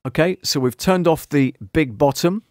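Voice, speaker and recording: A man's voice: on the high side, moderate pace, no echo, studio quality. A man giving a casual live-stream tutorial on audio mixer settings, chatty and self-deprecating, often checking in with the listener. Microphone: studio microphone through a mixer.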